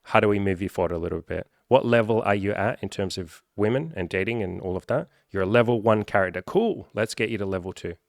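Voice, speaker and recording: Low-voiced profane male coach. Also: quick pace, gravelly, hardly any pauses, dry recording, clean studio sound. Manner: profane, animated, acts out quoted voices. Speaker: self-improvement coach. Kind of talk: casual direct-to-camera vlog.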